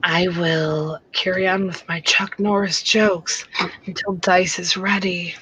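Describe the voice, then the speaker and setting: A woman co-hosting a casual livestream, reading facts and jokes in a soft, slow, mock-ASMR voice. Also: on the low side, steady tone, a little hiss or hum, rough recording.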